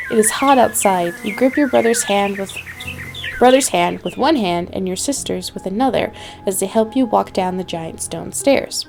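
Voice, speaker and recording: A woman's voice: medium pitch, gravelly, darkish tone. Young woman reading a game aloud. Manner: reads story text aloud with playful asides. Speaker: gaming channel host. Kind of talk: let's play narration.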